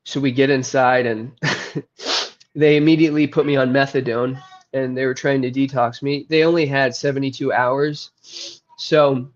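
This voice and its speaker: A man candidly recounting a hard personal story, earnest and halting, with frequent trailing pauses. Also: mid-range voice, little pitch movement. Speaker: guest recounting his addiction and recovery. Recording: slightly muffled lo-fi audio.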